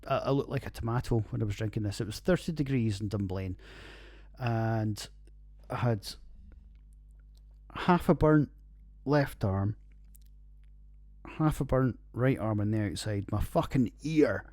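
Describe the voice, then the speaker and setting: A Scottish podcast host in his forties reviews beers in a rambling, sweary, casual monologue, laughing at his own jokes. His voice is fairly low, measured and a little mellow, captured dry on a computer recording.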